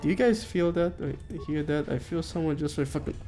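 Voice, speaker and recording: A male streamer chats casually with his viewers while he plays. His voice sits a little high, and he jokes around and swears freely. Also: brisk, mellow, soft background music. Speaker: game streamer.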